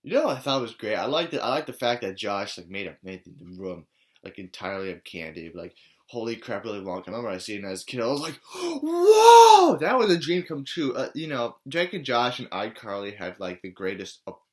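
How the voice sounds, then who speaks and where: A young man rambling through a nostalgic monologue, swinging from mumbling to excited shouts. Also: on the low side, fast talker. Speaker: video creator.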